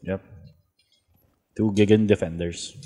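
A man's voice: deep voice, steady tone, takes it slowly, dark tone, slight background noise. A man playing a shooter with friends, making dry, laid-back remarks. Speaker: co-player. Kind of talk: casual gameplay banter.

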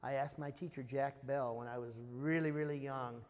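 A man, a percussion lecturer, teaching snare drum études in a relaxed spoken style, singing out rhythms with scat syllables. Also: mid-range voice, moderate pace, in a large hall. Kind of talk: spoken music instruction.

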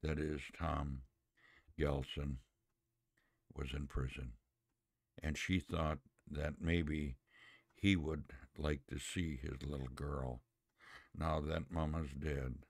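Orphan girl, pleading, polite, storybook, man voicing her, very low voice. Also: steady tone, takes it slowly, pauses often, dry recording, clean studio sound, exaggerated voice.

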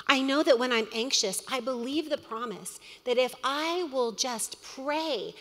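A middle-aged woman teaching a women's Bible study, earnest and storytelling, with quick asides. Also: a little high. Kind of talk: sermon. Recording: long hall reverb.

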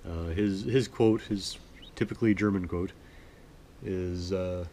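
A man from Manitoba, Canada, chatting in a relaxed, rambling, self-deprecating way as host of his sewing vlog. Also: low voice, measured pace, a little hiss or hum. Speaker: sewing vlogger. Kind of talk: relaxed casual chat.

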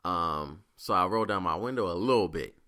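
A man's voice: low-pitched, lively intonation, normal speed, pushed and bright. A man hosting a solo podcast, telling a rambling, profane story in a casual way. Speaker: podcast host.

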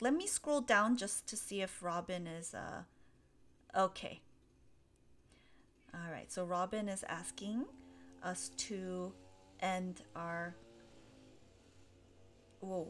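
A woman's voice: medium pitch, a bit bright. A young woman hosting a live English Q&A, answering chat questions patiently with frequent ums.

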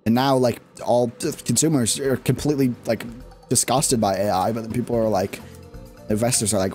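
A man's voice: mid-range voice, fairly quick, darkish tone, faint music behind. A man giving casual, rambling commentary while streaming a game, restarting his sentences and breaking into laughs.

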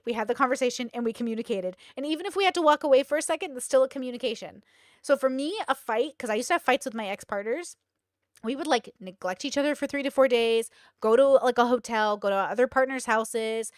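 A young woman hosting a reaction stream, talking in a chatty, animated way. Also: on the high side, dry recording, clean studio sound. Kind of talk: casual reaction commentary.

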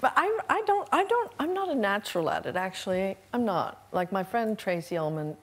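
A woman's voice: medium pitch, big pitch swings, brisk, breathy edge. A woman, a guest actress, talking thoughtfully and self-deprecatingly on a chat show. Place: TV studio.

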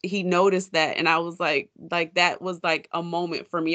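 A woman guest in a casual chat, unhurried and giggly with many fillers. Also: on the low side, steady tone, fairly bright tone, no room sound, muffled recording.

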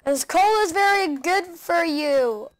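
A woman hosting a video game let's play, excitable, chattering to the game animals and laughing often. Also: sits high, slow pace. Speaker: gaming channel host.

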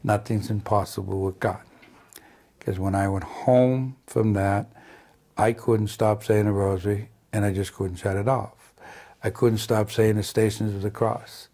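A man's voice: on the low side, little pitch movement, measured pace, mellow. A man giving an earnest faith testimony as a healing minister, often adding "see?" to his sentences. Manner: acts out remembered dialogue with raised voice. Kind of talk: storytelling testimony.

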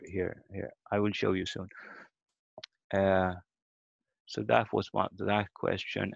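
A man's voice: sits low, vocal fry, breathy edge, dry recording. A man teaching a language lesson over a video call, explaining step by step and sounding out words letter by letter. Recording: dull lo-fi video call audio.

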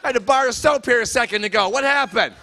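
A man's voice: extremely high pitch, fast talker, vocal fry, sharp tone. A middle-aged man doing a stand-up comedy routine in a church hall, teasing the live audience between jokes. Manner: crowd work, teasing the audience.

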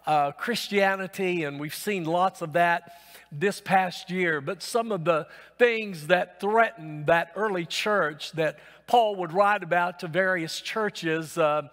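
A male pastor preaching a sermon, unhurried and pausing often with "uh" between phrases, in a church sanctuary. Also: high voice, fairly bright tone. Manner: unhurried, with frequent "uh" pauses. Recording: long reverb of a church hall.

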